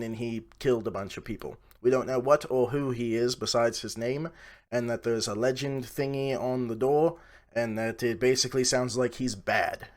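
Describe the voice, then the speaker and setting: Earnest male tabletop player. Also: mid-range voice. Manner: earnest, explaining at length.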